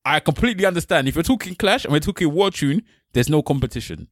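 A man co-hosting a casual podcast, jokey and quick to put on dramatic voices. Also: a little high, expressive, dry recording, clean studio sound. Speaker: podcast co-host.

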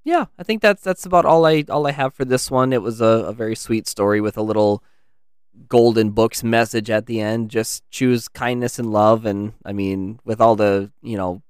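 Male podcast co-host, storyteller, relaxed and rambly, smooth tone. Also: on the low side, moderate pace, dry recording, studio quality. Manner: easygoing, rambling with restarts. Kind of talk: storybook narration and casual chat.

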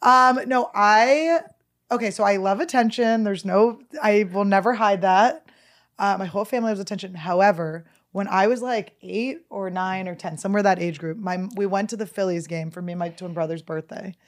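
A woman co-hosting a podcast, telling stories in a rambling, animated casual chat. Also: mid-range voice, normal speed. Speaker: podcast co-host.

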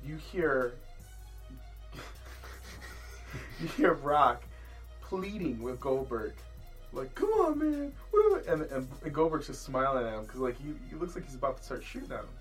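A man hosting a casual podcast chat, swearing freely and laughing as he tells animated stories. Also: medium pitch, a little slow, pauses often, faint music behind. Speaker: podcast host.

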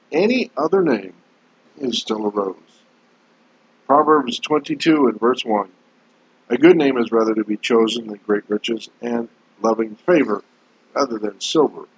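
Earnest husky pastor hosting a devotional. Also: male voice, medium pitch. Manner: measured, earnest preaching with drawn-out words. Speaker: pastor and host. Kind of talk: radio devotional sermon. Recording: dull lo-fi broadcast audio.

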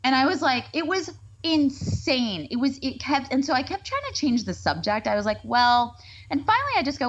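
A woman in her twenties co-hosting a podcast, telling a story in a sarcastic, animated way. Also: fairly quick, muffled recording. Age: 20s. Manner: animated, sarcastic, swings pitch in quoted bits. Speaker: podcast co-host. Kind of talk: casual chat, storytelling.

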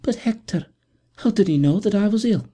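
Guy putting on a weak sick young woman, high and soft, storybook. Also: expressive, moderate pace, breathy edge. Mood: weak anxious.

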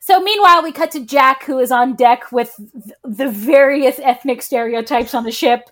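A woman's voice: high voice, moderate pace, a bit bright. A woman co-hosting a podcast, recapping a movie in casual chat with jokes and frequent giggles. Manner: joking, giggly, self-deprecating. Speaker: podcast co-host.

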